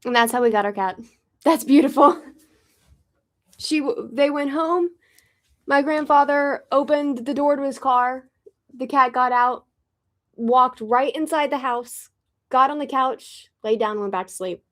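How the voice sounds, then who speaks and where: Casual drummer host, woman from Florida, a touch high-pitched, loose and talkative. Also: unhurried. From Pensacola, Florida, US. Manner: chatty, rambling storyteller. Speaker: drummer and host of a music channel. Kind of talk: casual chat while tuning drums.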